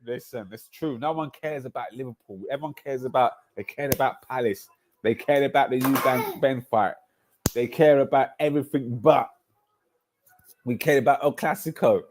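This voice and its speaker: A man, hosting a casual football livestream, ranting in slang and swinging between loud outbursts and low mutters. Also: moderate pace, background noise. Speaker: football streamer.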